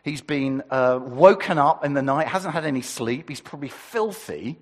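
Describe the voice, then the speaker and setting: Husky preacher in an echoey hall. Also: male voice, medium pitch, normal speed, hardly any pauses. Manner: lively, conversational, asks the congregation questions. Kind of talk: sermon.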